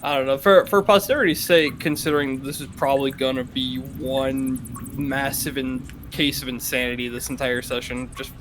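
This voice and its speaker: A man's voice: mid-range voice, fairly even intonation, normal speed, fairly bright tone, a little hiss or hum. A young man chatting among tabletop players, joking and talking in bursts. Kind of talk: casual chat among players.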